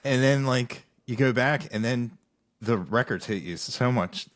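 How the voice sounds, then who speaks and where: Male podcast host, mid-range voice, relaxed chat, dry close recording. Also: mid-range voice, a little slow, no echo. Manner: relaxed, quotes others in raised voices. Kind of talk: casual chat.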